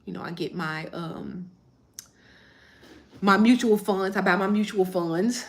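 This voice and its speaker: A woman's voice: mid-range voice, unhurried. A woman, chatting casually on a livestream and answering viewer comments as she rambles. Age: 30s.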